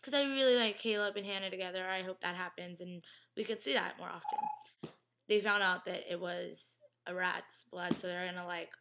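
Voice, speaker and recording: A young woman in a casual vlog, rambling through an episode recap with lots of "like" and quick impressions of the characters. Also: fairly low pitch, fairly even intonation, vocal fry, noisy background. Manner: chatty, rambling, heavy use of "like".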